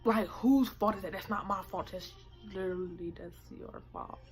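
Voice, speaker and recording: A teenage woman telling a story to her camera, animated and profane, acting out what people said. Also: mid-range voice, moderate pace, soft background music. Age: late teens. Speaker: vlogger. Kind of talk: casual storytime vlog. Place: indoor room by natural light.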